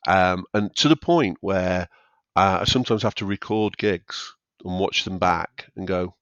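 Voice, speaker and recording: A man's voice: low-pitched, brisk, no room sound, dull audio. A man, a stand-up comedian talking casually on a podcast and often acting out what people say. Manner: chatty, acts out quotes of himself and others.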